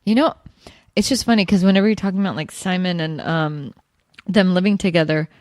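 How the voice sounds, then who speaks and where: A woman's voice: lowish voice, fairly quick, darkish tone, no room sound, studio quality. A woman co-hosting a podcast, agreeing often in casual chat. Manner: agreeable, backchanneling. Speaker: podcast co-host.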